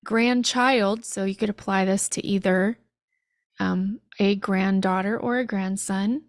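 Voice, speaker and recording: A woman leads a live-streamed language class. She speaks in an unhurried, drawn-out way and keeps things chatty, laughing now and then at how phrases translate. The sound is dry and close, with almost no room around her. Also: mid-range voice, steady tone, dry recording. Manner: chatty, laughs at literal meanings. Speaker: language teacher.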